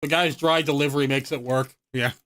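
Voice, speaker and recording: A man's voice: medium pitch, fairly even intonation, brisk, a bit bright. Laid-back rambling male streamer. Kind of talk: casual reaction commentary.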